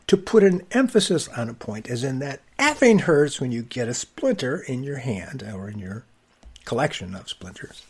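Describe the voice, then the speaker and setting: A man with a husky voice tells a personal story on his podcast in a wry, conversational way. His delivery swings through a lively range, jumping high for emphasis and then sinking low and quiet. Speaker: podcast host.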